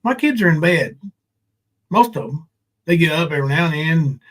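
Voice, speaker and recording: Male livestream host, higher-pitched, crude and mocking, casual chat. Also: lively intonation, moderate pace. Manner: mocking, profane, taunting.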